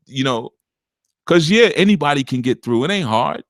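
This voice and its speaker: A man with a deep, rough, gravelly voice and a slight scratchiness up top, giving relationship advice as a spiritual teacher in a blunt, punchy, unscripted monologue. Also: animated, normal speed, no room sound, studio quality. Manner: punchy, forceful, lecturing.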